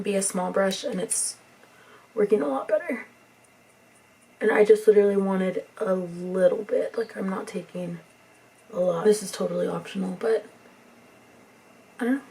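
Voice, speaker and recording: A young woman, talking softly through a makeup tutorial in a rambling, near-whispered way. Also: medium pitch, creaky, slightly rough, far from the mic. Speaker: beauty vlogger.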